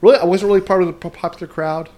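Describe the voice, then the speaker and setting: A man's voice: high voice, steady tone, racing, darkish tone. A man telling a long story in casual podcast chat, rambling and self-mocking, often checking in with "right?".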